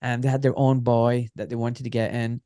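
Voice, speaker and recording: A middle-aged man, a surgeon telling candid stories as a podcast guest, blunt and animated, with some swearing. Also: medium pitch, normal speed, no echo, clean studio sound. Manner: animated, blunt, swears, acts out quoted voices. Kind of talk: candid conversational storytelling.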